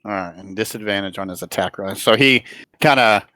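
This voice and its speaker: Casting: man as dungeon master, bright tone, pausing narration. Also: on the low side, dry recording. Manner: halting, thinks aloud with fillers. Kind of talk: narrating a tabletop game over a call.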